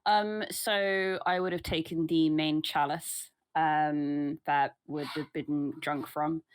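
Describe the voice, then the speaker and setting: Low-voiced wry woman player. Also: steady tone, slow pace, smooth. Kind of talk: playing a tabletop game.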